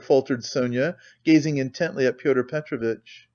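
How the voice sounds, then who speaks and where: A man's voice: medium pitch, moderate pace, darkish tone, highs cut off. A man narrating a classic novel as an audiobook reader, telling the story steadily. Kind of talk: scripted narration.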